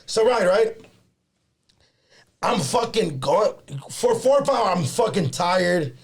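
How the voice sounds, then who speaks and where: A man with a slightly high, gravelly voice tells a story in loose, casual podcast chat. He swears freely and drops Spanish words into his sentences. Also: slow pace. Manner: profane, animated storyteller mixing in Spanish words. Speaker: podcast co-host.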